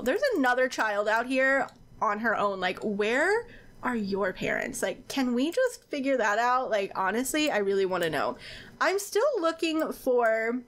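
A woman giving casual gameplay commentary as a YouTuber, gushing and excitable, with frequent gasps and exclamations. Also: fairly high pitch.

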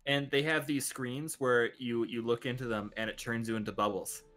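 Man co-host, medium pitch, nervous rambling chat, faint music behind. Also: fairly even intonation, normal speed, fairly bright tone. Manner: anxious, rambling, self-deprecating. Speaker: stream co-host. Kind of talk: casual live-stream chat.

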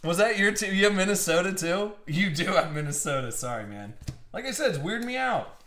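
A man hosting a live card-opening stream, excitable and swinging from hype to hushed suspense. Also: high voice, brisk, echoey room, slight background noise. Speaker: card break host.

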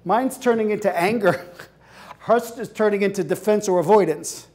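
Animated high-voiced male instructor. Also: moderate pace. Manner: animated, acts out scenes, laughs often. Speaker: hypnotherapy instructor. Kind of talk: lecture with acted-out examples.

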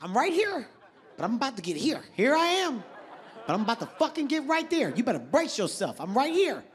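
A man telling animated stand-up stories on stage, acting out voices and shouting. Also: very high voice, fairly quick, a faint crowd. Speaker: stand-up comedian. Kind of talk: stand-up comedy storytelling. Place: large theater stage with audience.

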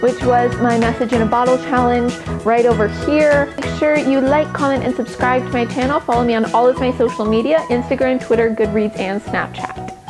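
A young adult woman, a book vlogger, wrapping up her video in a bubbly, quick, self-deprecating way. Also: a little high, steady tone, music in the background. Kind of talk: casual vlog sign-off.

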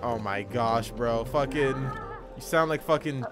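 A man's voice: medium pitch, measured pace, over music. A man hosting a co-op gaming session, chatting casually, joking and laughing a lot. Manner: excitable, joking, laughing often. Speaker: gaming channel host. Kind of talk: casual co-op gameplay chat.

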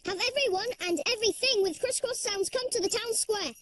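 A voice actor playing Noddy, a cheerful young toy boy in an animated children's cartoon, talking in an eager, bouncy, helpful way. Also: very high voice, a little fast, heavy background noise. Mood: upbeat. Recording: music playing loudly underneath.

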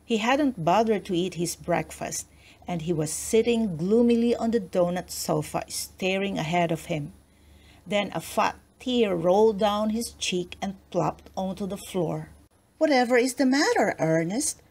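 A woman reading a children's storybook aloud, with gentle storytelling and voices for the characters. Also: mid-range voice, a little slow. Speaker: children's book reader.

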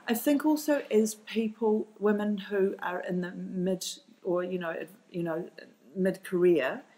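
A woman's voice: medium pitch, a little slow, dark tone, poor audio. A middle-aged woman with a New Zealand accent, a documentary filmmaker speaking as a podcast guest, passionate and emphatic, often restarting her sentences. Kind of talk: podcast interview.

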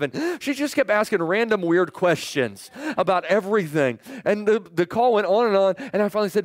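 A middle-aged male pastor preaching a sermon, telling stories animatedly and acting out quoted voices with sudden jumps up and quiet drops. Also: sits high, very animated, fairly quick, hardly any pauses, no echo, clean studio sound.

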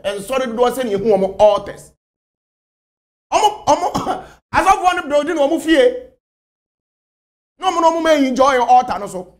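A man from Ghana, a spiritual leader, answering interview questions emphatically and repeating his phrases. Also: very high-pitched.

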